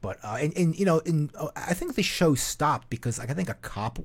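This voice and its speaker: A podcast host chats casually and rambles, filling his talk with fillers and swearing. His voice is fairly high, expressive, and brisk.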